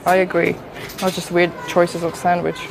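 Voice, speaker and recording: A woman's voice: on the low side, monotone, moderate pace, creaky, rough recording. A woman live streaming on her phone, chatting casually and ordering at a bakery counter. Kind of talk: casual chat while ordering. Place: bakery shop, indoors. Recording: busy shop with crowd noise. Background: crowd chatter.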